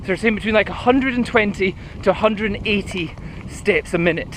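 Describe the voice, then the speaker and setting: A man in his thirties with a high voice talks casually and a little breathlessly as he jogs on outdoor paths near a city, filming himself for a running vlog. He speaks fairly quickly with few pauses and rambles as he goes. Traffic and passing planes can be heard in the background.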